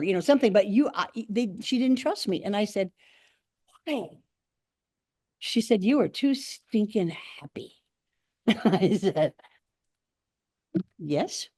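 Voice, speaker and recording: An older woman speaking at a club in a meeting room gives a funny speech, bringing her stories to life by acting out the quotes. The mid-range voice comes through with studio quality and no echo.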